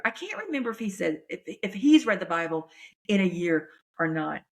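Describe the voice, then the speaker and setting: A woman comedian, talking in a chatty, folksy, animated way on her podcast. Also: fairly high pitch, a little fast. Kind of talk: casual chat.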